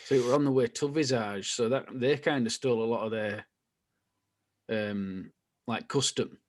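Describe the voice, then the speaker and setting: A man's voice: mid-range voice, moderate pace. Easygoing man, rambling. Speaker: podcast co-host. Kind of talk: casual chat.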